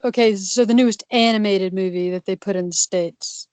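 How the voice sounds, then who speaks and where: A woman's voice: medium pitch, fairly even intonation, normal speed, darkish tone, clean tone, no echo. A woman cohosting a casual podcast discussion, rambling with many restarts and fillers.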